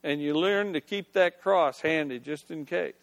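A man playing a blunt, practical advisor who speaks firmly and plainly. His voice sits high, and a long hall echo trails behind him. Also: measured pace, creaky. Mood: stern. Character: blunt, practical man giving stern advice.

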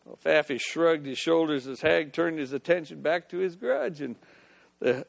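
A man with a high voice narrates a story in an unhurried, folksy manner. He drops in "well" asides and restarts lines. His voice carries a long hall reverb. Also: creaky.

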